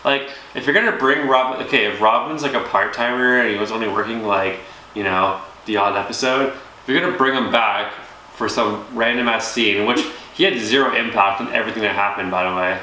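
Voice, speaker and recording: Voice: mid-range voice, a little fast, pushed and bright. A co-host in a casual TV review chat, making sarcastic, dry asides. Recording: echoey room with faint hiss.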